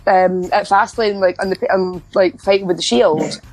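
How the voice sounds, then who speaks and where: A woman's voice: mid-range voice, fairly even intonation, normal speed, a little mellow, soft background music, poor audio. A woman co-hosting a podcast, chatting casually and rambling with many restarts. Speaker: podcast co-host. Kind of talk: casual wrestling chat.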